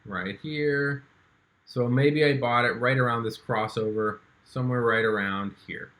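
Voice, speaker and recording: A man's voice: medium pitch, measured pace, fairly bright tone. A young man walking through his stock trades in a casual, chatty way, with frequent fillers and restarts. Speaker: stock trading YouTuber. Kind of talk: casual screen-share walkthrough.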